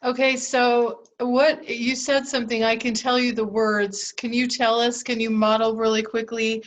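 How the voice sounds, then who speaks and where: A woman's voice: fairly high pitch, little pitch movement, moderate pace. Woman host asking brief questions. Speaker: interview host. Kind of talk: interview.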